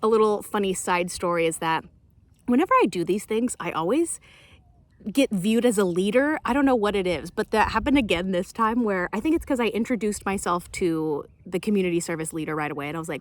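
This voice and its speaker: A woman's voice: lowish voice, fast, no echo. A young adult woman vlogging in a casual, chatty way, often laughing, recorded on a handheld camera outdoors and in her car. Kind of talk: casual vlog chat.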